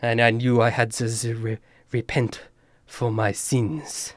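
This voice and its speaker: Man doing an old french nature priest, slow and shaky, hesitant. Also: mid-range voice, little pitch movement, dry recording, lightly acted. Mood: anguished. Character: frail old male nature priest, fearful, rambling.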